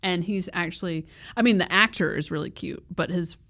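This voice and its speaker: A woman's voice: on the low side, brisk, a bit bright. A woman co-hosting a casual podcast, chatting and recapping a movie with frequent laughter and playful asides. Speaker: podcast co-host.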